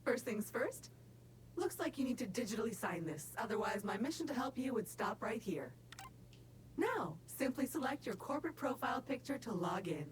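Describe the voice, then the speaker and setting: An actress voicing a cheerful female AI assistant in a video game, speaking in bright, helpful patter. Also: fairly high pitch, very animated, moderate pace, background noise.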